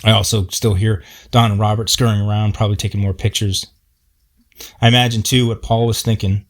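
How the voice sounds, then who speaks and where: A man's voice: on the low side, level tone, normal speed. A man telling a personal story in a folksy, plainspoken way.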